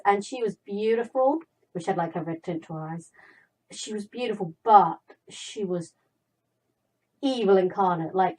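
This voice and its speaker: A young woman playing a visual novel, reading its text aloud and breaking off into chatty, animated stories. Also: medium pitch, low-quality recording. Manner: chatty, dramatic, animated storyteller. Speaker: gaming YouTuber.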